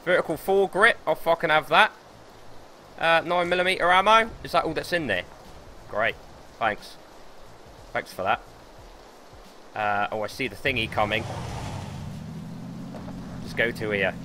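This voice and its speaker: A young man streaming gameplay live, excitable and swearing as he talks himself through the match. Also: fairly high pitch, a little slow, pauses often, a little hiss or hum. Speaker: gaming streamer.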